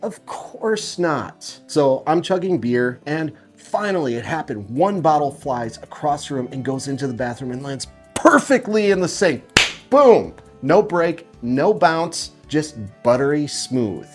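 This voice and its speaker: A man telling a confessional story in a profane, sarcastic, self-mocking and animated way. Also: medium pitch, a little slow, hardly any pauses, faint music behind.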